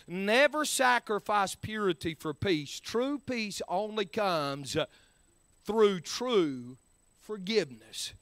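A man delivers a sermon in a high, bright, smooth voice. He drives his points home by repeating them, swinging between loud emphasis and quieter stretches. The sound is dry and close. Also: lively intonation, slow, no echo. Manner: repeats key phrases, rising and falling emphasis. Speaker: preacher.

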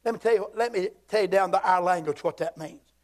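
A Southern man in his fifties preaching a fiery, folksy church sermon, swinging between shouts and hushed asides. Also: high-pitched, fast. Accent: Southern American. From Southern United States. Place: church sanctuary.

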